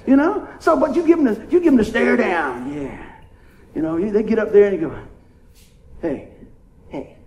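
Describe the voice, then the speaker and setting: Pastor, man, high voice, chatty call-and-response preaching, roomy echo. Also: lively intonation, a little fast, darkish tone. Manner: playful, call-and-response preaching with frequent "amen?". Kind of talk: sermon.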